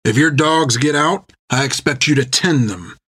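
A man's voice: on the high side, moderate pace, bright, forceful tone, breathy edge, voice pushed up. A man voicing a fierce, battle-hungry male sailor who speaks with menace. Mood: menacing.

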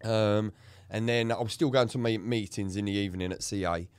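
Fairly low-pitched and brisk, this man's voice is clear and resonant, caught in a dry, studio-quality recording. He co-hosts a casual podcast, candidly recounting something he lived through and swearing freely as he animatedly tells the story.

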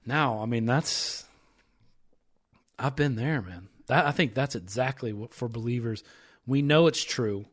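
A man in a relaxed faith conversation, speaking at an ordinary middle pitch. He thinks out loud, circles back on his words, and leans into the scripture passages he reads aloud. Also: unhurried. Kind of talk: casual faith discussion.

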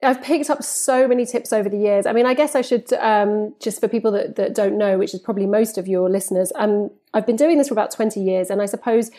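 Animated woman football presenter, mellow voice. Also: mid-range voice, quick pace, hardly any pauses. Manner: animated, acts out quoted dialogue. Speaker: football presenter and reporter, guest. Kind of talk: podcast interview, storytelling.

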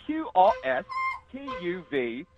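A man's voice: high-pitched, wildly swooping pitch, takes it slowly, lo-fi sound. A man calling in to a radio game, reciting in a hammy mock British accent. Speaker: radio contest caller. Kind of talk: game show call-in.

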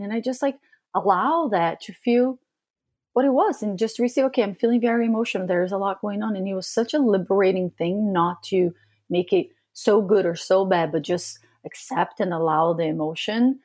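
A woman speaks as a podcast guest in a mid-pitched voice, reflective and open about her feelings. She talks slowly through her thoughts, pausing and restarting as she goes. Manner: soft, reflective, emotionally open talk with pauses and fillers. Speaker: podcast guest, spiritual coach. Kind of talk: casual podcast conversation.

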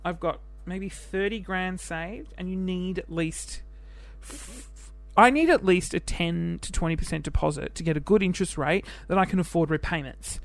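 A twentysomething Australian man hosts his own laid-back podcast, his high-pitched voice creaky and moving at a normal speed. He rambles between subjects in a chatty, self-mocking way.

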